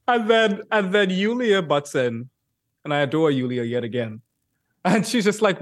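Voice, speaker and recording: Animated man chatting, dry close mic. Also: high voice, normal speed, no room sound. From Bahamas. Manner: animated, filler-heavy, laughs easily. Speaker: podcast guest, YouTuber. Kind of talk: casual podcast chat.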